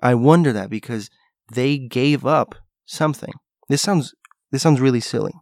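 A man's voice: mid-range voice, moderate pace, a little mellow, no room sound, clean studio sound. A man talking through a rambling, musing monologue, thinking aloud with restarts and asides. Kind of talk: casual monologue.

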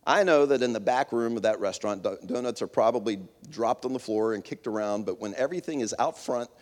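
A man's voice: mid-range voice, fairly quick. Man reading a story in a reverberant hall. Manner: earnest storytelling. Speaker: speaker.

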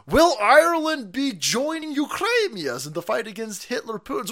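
A foul-mouthed man hosting a live stream, his voice sitting a little high and bright with a forceful edge. He rants, mocks and laughs his way through commentary, swinging all over his pitch and bursting into loud yells. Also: normal speed, hardly any pauses. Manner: excitable, swings into loud outbursts. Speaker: livestream host.

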